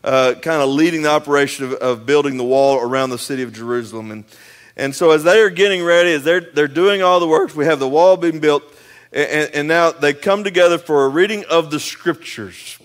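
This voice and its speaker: A man, preaching as a pastor in a folksy, conversational way, moving between loud emphasis and quiet asides. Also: fairly high pitch, brisk. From East Texas. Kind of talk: sermon.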